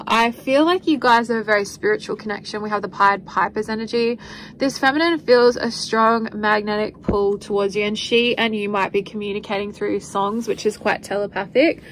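A woman's voice: medium pitch, fairly even intonation, normal speed, fairly bright tone, slight background noise, rough recording. A woman giving a spiritual tarot reading, talking in a meandering, repetitive, earnest way with light laughs. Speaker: tarot reader.

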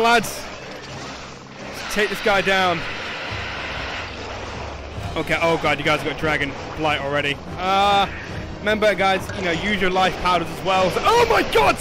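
A young man hosting a gaming channel, giving excitable, joking, profane commentary as he plays online with teammates. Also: high voice, a little slow, pauses often, noisy background. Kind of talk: live gameplay commentary. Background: game music.

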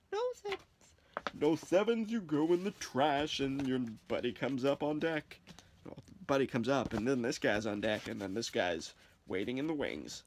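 A man's voice: a little high, gravelly, darkish tone. A man vlogging casually as he scratches lottery tickets, joking, mocking himself and swearing freely.

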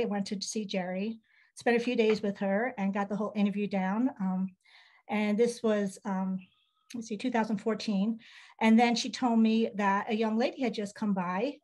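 A woman's voice: medium pitch, rough recording. A woman who writes children's books, telling a story in a casual interview and acting out the dialogue she quotes. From Ohio. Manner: animated, acts out quoted dialogue. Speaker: children's book author.

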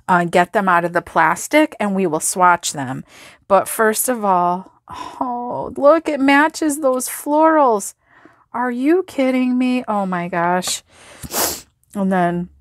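A woman vlogger gushing over craft supplies, breaking into gasps and delighted exclamations. Her pitch sits in a middle range and she speaks at a slow, lingering pace. The recording is close and dry, with no room echo. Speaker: planner and sticker vlogger. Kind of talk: excited product flip-through.

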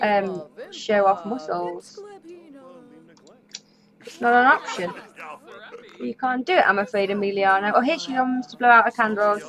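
A woman's voice: medium pitch, fairly bright tone. A woman hosting a let's play, giving casual, chatty commentary and talking to the characters on screen. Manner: chatty, talks to the game characters. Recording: slightly dull lo-fi audio.

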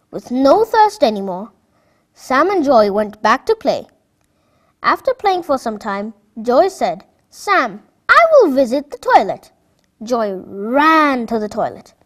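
A woman narrating a children's story in a clear, expressive read-aloud voice. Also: a little high.

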